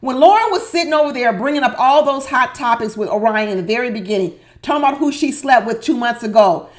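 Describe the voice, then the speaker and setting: A woman's voice: on the high side, lively intonation, fast talker. A woman giving sassy, exasperated commentary on a reality show, hammering her points with emphatic repetition. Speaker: reality TV recap host.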